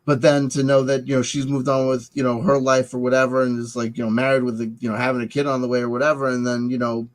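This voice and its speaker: A middle-aged man talking through a personal confession in a halting, rambling way, full of restarts and filler words, wearing headphones. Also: medium pitch, level tone, poor audio. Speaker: vlogger. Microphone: headset headphones.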